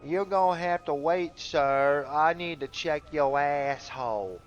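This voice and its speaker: A man's voice: on the high side, measured pace, lo-fi sound, faint music behind, close to an everyday voice. Bossy, drawling male security guard, done by a man for a gaming chat bit. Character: pushy male security guard demanding checks.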